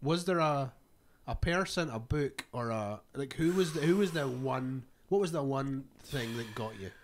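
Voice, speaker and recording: A man's voice: medium pitch, expressive, measured pace, a little hiss or hum. A man hosting a casual podcast chat, joking around and asking several questions in a row. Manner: jokey, asks stacked questions. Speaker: podcast host.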